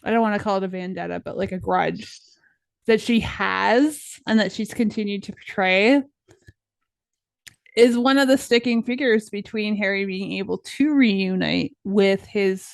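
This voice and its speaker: A woman's voice: medium pitch, unhurried, gravelly, dry recording. Young woman co-host, loose chatty delivery, everyday mid voice, dry studio sound. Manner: chatty, full of "like" and "right?". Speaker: podcast co-host; teacher. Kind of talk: casual chat.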